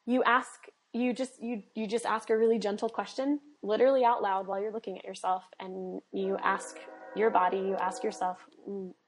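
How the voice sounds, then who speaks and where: A woman health coach talking in a casual podcast conversation, earnest and animated, with many fillers, acting out little dialogues. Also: mid-range voice, a little fast, few pauses, a little hiss or hum. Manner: acts out quoted dialogue.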